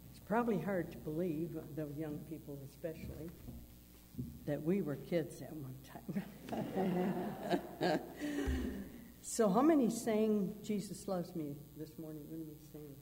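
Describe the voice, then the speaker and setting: A woman's voice: low voice, normal speed. A woman guest singer chatting to a congregation and asking the children questions, in a reverberant hall. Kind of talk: casual talk to a congregation. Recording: church hall reverb, faint hum.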